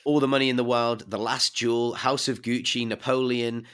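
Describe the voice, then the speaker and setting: A man co-hosting a film podcast, croaky from illness, rambling with many fillers. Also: medium pitch, flat delivery, moderate pace, a bit bright. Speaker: podcast co-host. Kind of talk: casual film review chat.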